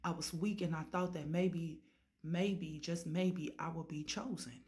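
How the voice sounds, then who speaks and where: Woman doing a soft, pleading dying woman. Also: low-pitched, steady tone, a little slow, pitched below the performer's own voice. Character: frightened dying young woman pleading for mercy. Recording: roomy echo.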